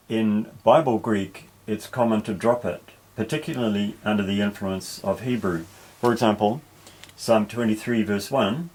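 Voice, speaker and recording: Lesson narration: lower-pitched male teacher, patient, methodical, unhurried explanations. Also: darkish tone, low-quality recording. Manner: patient, careful, with small restarts. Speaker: Greek teacher.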